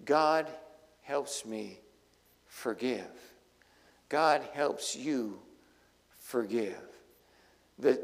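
A man preaching a sermon, retelling a story with lively acted-out voices. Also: medium pitch, creaky. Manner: animated storytelling, acting out voices. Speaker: pastor. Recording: long hall reverb.

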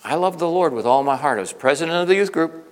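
A man's voice: on the high side, expressive, fast. A middle-aged man preaching a storytelling sermon, earnest and conversational, often restarting his sentences. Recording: long reverb of a large hall.

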